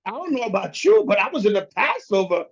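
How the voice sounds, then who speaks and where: A man's voice: high-pitched, very animated, quick pace, breathy edge. A man preaching a casual, slangy scripture lesson, blunt and emphatic, talking straight to his listeners. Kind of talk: casual street-style sermon. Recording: dull lo-fi recording.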